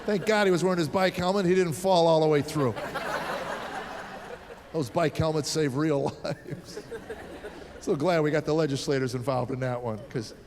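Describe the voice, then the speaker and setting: Before a live theater audience, a middle-aged American stand-up comedian delivers dry, exasperated stories about bringing up his kids. His voice is a little high and his speed normal, but he pauses often, and background noise runs through the reverberant live stage recording.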